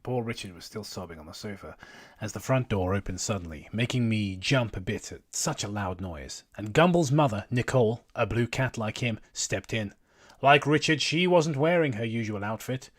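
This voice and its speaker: A man's voice: fairly low pitch, lively intonation, normal speed, no echo. A man co-hosting a comedy show, reading a fan story aloud in a mock-dramatic way, with swearing and laughing asides. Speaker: podcast co-host reading stories aloud. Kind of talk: casual comedic read-aloud chat.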